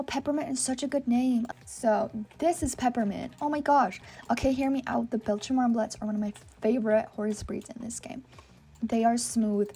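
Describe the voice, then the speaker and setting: Young woman gaming vlogger gushing about her game, mellow warm tone, chatty and excitable. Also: fairly high pitch. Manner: chatty and excitable, full of "oh my gosh" and "like"; reads viewer submissions aloud and reacts to them. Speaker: gaming channel host. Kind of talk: casual gaming commentary.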